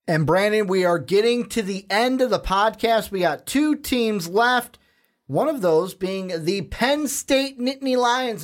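A man co-hosting a sports podcast in casual chat. His voice sits fairly high for a man. He keeps the tone animated and joking and speaks straight to the audience. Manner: animated, joking, addresses viewers directly. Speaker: podcast co-host.

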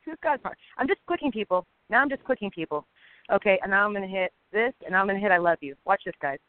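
A woman co-hosting a casual faith podcast, talking excitedly and urging listeners on. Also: medium pitch, quick pace, no echo. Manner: excitable, emphatic, exhorting listeners. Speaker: co-host. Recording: tinny phone-like sound.

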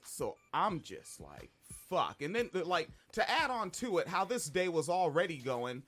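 A man co-hosting a podcast, telling a story in a casual, profane, animated way. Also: high voice, normal speed, soft background music. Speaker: podcast co-host. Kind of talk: casual chat.

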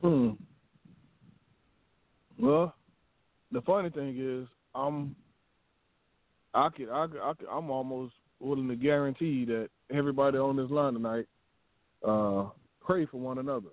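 Male host, laid-back and slow, on a dry tinny phone line. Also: medium pitch, no room sound. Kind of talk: casual chat.

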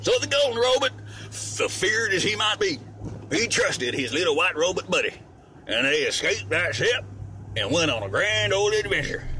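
A man putting on a bright, folksy Southern storyteller. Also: high-pitched, big pitch swings, moderate pace, a little hiss or hum, pitched above the performer's own voice, heavily acted. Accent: put-on rural Southern US drawl. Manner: rambling, self-correcting yarn-spinning. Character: folksy rural Southern man telling a tall tale. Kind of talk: comic storytelling.

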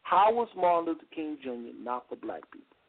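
Insistent male radio host on a phone-quality line, high and very animated, presses his point over and over. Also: brisk. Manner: insistent, repeats himself to interrupt. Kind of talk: heated call-in radio debate.

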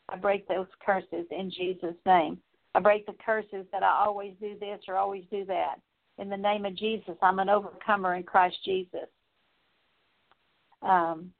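A woman's voice: medium pitch, level tone, moderate pace, creaky. Woman praying over a tinny line. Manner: earnest, repetitive confessional phrasing with fillers. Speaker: prayer leader. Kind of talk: spoken prayer. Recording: tinny phone-like audio.

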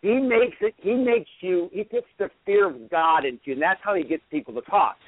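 A man's voice: high voice, a little fast, dry recording. Man talking over a tinny phone line. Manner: rambling, lots of restarts and repeats. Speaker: host. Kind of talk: casual call-in show talk.

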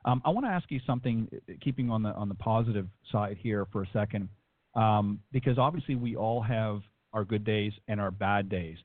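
Low-voiced male co-host on a dry, tinny line. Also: a little fast, no room sound. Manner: hesitant, searching for words. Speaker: radio show co-host. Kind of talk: radio interview questions.

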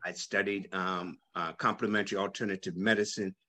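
A man's voice: deep voice, steady tone, a little fast, pushed and bright. A man in his seventies, a guest on a radio interview, telling his story with hesitant fillers. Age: 70s. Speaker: guest, health practitioner.

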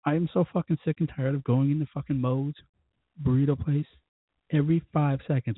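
A man's voice: a little high, steady tone, a little fast, breathy edge, no room sound. A man hosting a casual podcast, rambling through a profane story while a bit drunk. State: tipsy from drinking. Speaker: podcast host. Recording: tinny phone-like recording.

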